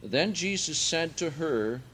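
A man preaching a sermon, reading scripture aloud and explaining Greek words, rising in pitch and volume for emphasis. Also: lively intonation, takes it slowly, fairly bright tone, a little hiss or hum.

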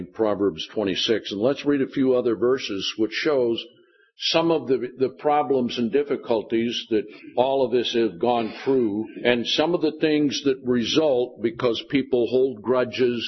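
A man's voice: mid-range voice, slightly rough, lo-fi sound. A man preaching a sermon, often turning to the congregation with questions. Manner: keeps asking the congregation questions.

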